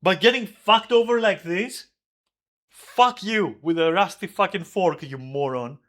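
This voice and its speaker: Male streamer, high bright voice, angry profane venting. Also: measured pace. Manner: heated, profane, yelling at times. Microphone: desk microphone.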